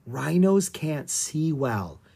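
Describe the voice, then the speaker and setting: Storybook girl, eager and curious, hushed and breathy, slow; played by the narrator. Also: full character voice. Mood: excited whisper. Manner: excited, high whispers.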